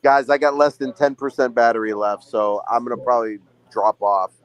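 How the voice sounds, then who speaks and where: A man in his thirties, a podcast co-host, telling a profane, animated story in casual chat over a phone call. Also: medium pitch, a little fast, clear, resonant tone, dry recording.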